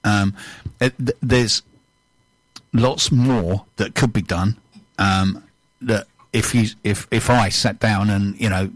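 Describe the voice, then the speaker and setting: Brief: older English host, low voice, dry close sound, rambling anecdotes. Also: male voice, no room sound. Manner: rambling storyteller with repeated restarts. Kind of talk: casual chat.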